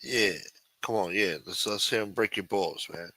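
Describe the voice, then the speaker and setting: A man's voice: lowish voice, normal speed, bright, forceful tone, slightly rough, no echo. A man hosting a livestream, talking in a brash, profane mob boss persona. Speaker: livestream show host.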